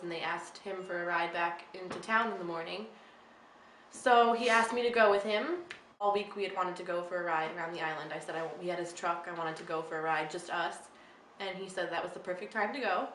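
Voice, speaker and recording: A woman's voice: lowish voice, fairly bright tone. Woman telling a story in a roomy space. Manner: chatty, laughs while telling. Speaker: interviewee. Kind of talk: casual storytelling. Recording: roomy, faint background noise.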